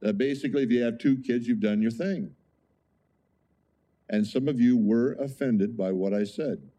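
A male preacher delivering a sermon in a mellow, warm voice at a medium pitch. He speaks with emphasis and in a conversational way, often checking in with the congregation through rhetorical questions. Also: moderate pace. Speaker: pastor.

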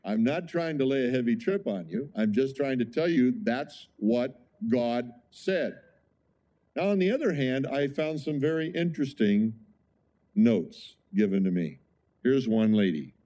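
A man's voice: mid-range voice, lively intonation, a little slow, dark tone. A male pastor preaching a sermon in an emphatic, conversational way, often asking the congregation rhetorical questions.

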